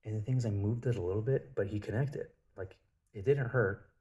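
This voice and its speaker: Man, low voice, mellow tone, rambling casual monologue, profane. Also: a little fast.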